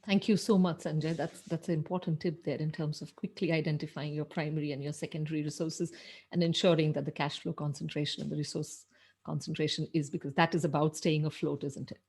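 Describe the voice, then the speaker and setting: A woman hosting an online business panel, polite and measured as she hands over to speakers. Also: sits low, flat delivery, a little mellow, breathy edge. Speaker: host, facilitator. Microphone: video call.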